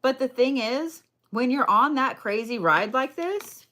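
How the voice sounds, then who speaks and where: A woman's voice: high-pitched, expressive, unhurried, bright, forceful tone. A woman doing a casual livestream card reading, blunt, chatty and full of swearing as she talks to viewers.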